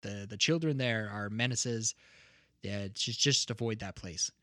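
A man's voice: lowish voice, measured pace, a bit bright, no room sound, studio quality. A man voicing an old man who warns strangers to stay away from a certain place. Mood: warning. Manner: warning, gossipy.

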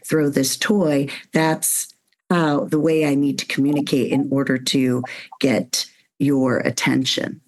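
A woman with a notably low voice hosts a conversational podcast interview. She affirms what her guest says and adds her own points in loose, rambling sentences. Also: level tone, takes it slowly. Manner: warm, affirming, rambling with restarts. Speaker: podcast host.

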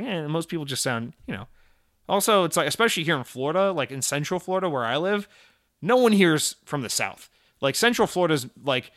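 A man's voice: mid-range voice, a bit bright, no echo. Man with a plain American accent, dry room. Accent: General American. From Georgia, USA. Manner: profane, rambling, sarcastic. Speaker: podcast host answering listener letters. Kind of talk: casual chat.

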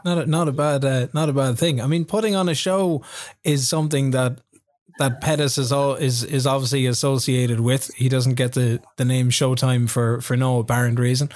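A man's voice: mid-range voice, fairly even intonation, moderate pace, a little mellow. A man hosting a casual sports podcast, chatty, with many fillers and restarts. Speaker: podcast host.

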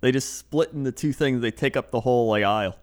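Male co-host, average pitch, relaxed anecdote-telling with playful impressions. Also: fast. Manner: storytelling with frequent laughs and put-on voices. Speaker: podcast co-host. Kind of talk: casual chat.

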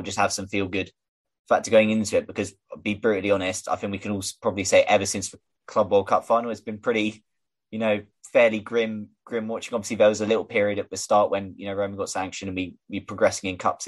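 Male podcast host, low-pitched, fast, rambling football chat. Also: level tone. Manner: rapid, runs long thoughts together with fillers.

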